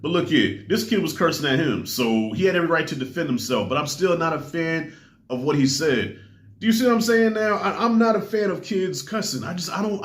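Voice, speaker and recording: A middle-aged man giving a casual spoken movie review, talking in an animated way and acting out the people he quotes. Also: on the high side. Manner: animated, acts out quoted voices. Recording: roomy echo.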